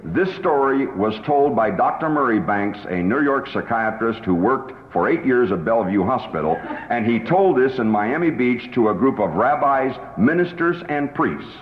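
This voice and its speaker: A man's voice: mid-range voice, animated, normal speed, hardly any pauses. A man lecturing on selling, telling stories in an emphatic way. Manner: emphatic storyteller. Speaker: sales trainer. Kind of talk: sales seminar lecture with anecdotes. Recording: roomy hall, dull lo-fi tape.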